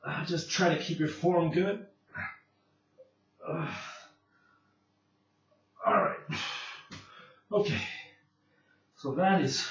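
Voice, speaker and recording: A man's voice: mid-range voice, unhurried, pauses often. A man demonstrating push-ups at home, talking casually and catching his breath between sets. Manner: breathless, puffing between sets, many fillers. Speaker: fitness instructor. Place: home room. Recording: very echoey room, distant mic, dull sound.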